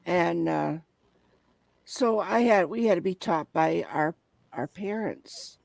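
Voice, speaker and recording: Older woman, gravelly voice, dry close sound, casual blunt storyteller. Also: on the low side, takes it slowly, a little mellow, dry recording, rough recording. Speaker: guest in a group chat. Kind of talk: casual chat.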